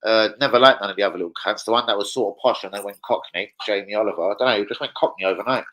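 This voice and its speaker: A man's voice: lowish voice, racing, a bit bright, low-quality recording. A man chatting live to viewers about football, with sweary, blunt banter. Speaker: football fan streamer. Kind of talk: casual live-stream chat.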